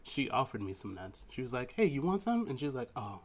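A man's voice: mid-range voice, very animated, fast talker. A man co-hosting a casual podcast, teasing his friends and laughing often. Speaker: podcast co-host. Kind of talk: casual chat. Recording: noisy home podcast recording.

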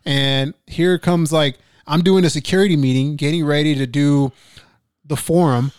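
A young man hosts a relaxed podcast, trading stories with his brother. His voice is smooth and clear. The recording is dry and close, with no room sound. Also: a little high, moderate pace, dry recording. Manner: laid-back, laughs often, swears casually. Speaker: podcast host. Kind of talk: casual podcast chat. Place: studio.

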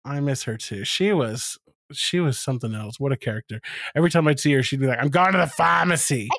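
A man's voice: medium pitch, fast talker, dry recording. A man co-hosting a podcast in casual chat, candid and self-mocking, who laughs often and acts out what other people said. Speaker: podcast co-host.

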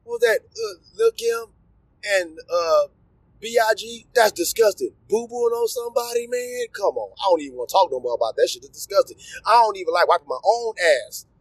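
Husky-voiced man ranting casually. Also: high-pitched, a little fast, no echo, low-quality recording. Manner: animated, crude, rambling, disgusted asides. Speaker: commentator. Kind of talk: casual opinion rant.

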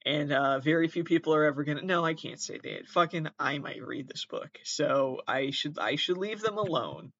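A man's voice: fairly high pitch, normal speed, hardly any pauses, a bit bright, no echo, muffled recording. A man with a Midwestern accent hosting his own podcast, reading aloud in a casual comedic way and often breaking into giggles and apologies. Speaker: podcast host.

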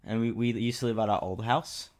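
A young man, co-hosting a podcast and telling a story in an animated, rambling way with many fillers. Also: lowish voice, brisk. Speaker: podcast co-host. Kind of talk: casual storytelling chat.

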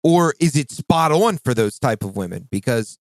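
A man co-hosting a casual podcast, talking with a lively, swinging pitch and breaking into exaggerated mock voices. He swears freely and keeps it loose. The sound is close and dry, with no room around it. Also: moderate pace, no echo. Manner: animated, swearing, mimics voices with big pitch jumps. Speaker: podcast co-host.

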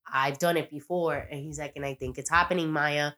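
A woman's voice: deep voice, fairly even intonation, a little fast, sharp tone. A woman casually recapping a TV episode on a podcast, rambling, swearing freely and acting out the characters' lines. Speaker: podcast co-host.

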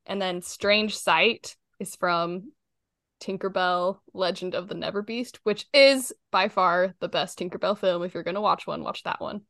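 A young woman co-hosting a casual chat, enthusiastic and quick to laugh. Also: lowish voice, fairly bright tone, no room sound, studio quality. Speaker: podcast co-host.

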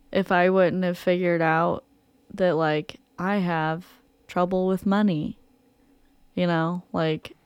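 A woman's voice: on the low side, a little mellow, smooth, no echo. A young woman co-hosting a podcast, telling a story in casual chat and acting out what people said. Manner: chatty storyteller, acts out quotes. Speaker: podcast co-host.

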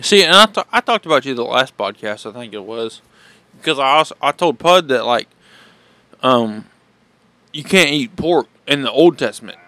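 A man's voice: medium pitch, lively intonation, moderate pace, bright, forceful tone, dry recording. A man co-hosting a casual podcast chat, preaching about his faith eagerly. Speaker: podcast co-host.

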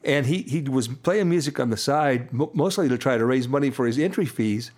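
Man, radio co-host, casual chat, easygoing, rambling, lots of "uh"s, middle-pitched voice. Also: fairly quick, darkish tone. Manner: easygoing, rambling with many fillers and restarts.

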